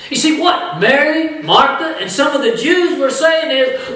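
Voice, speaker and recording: A man preaching a sermon as pastor, with animated delivery that acts out the voices of the people in his story. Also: extremely high pitch, a little slow, few pauses. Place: church sanctuary. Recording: echoey church from far off.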